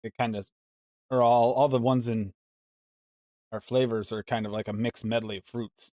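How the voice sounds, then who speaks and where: Here the mixing-show host speaks at a medium pitch in a level, darkish tone, keeping a moderate pace. He rambles and muses while chatting casually on the live stream and reading recipes out loud. The sound is clean, studio-like and echo-free.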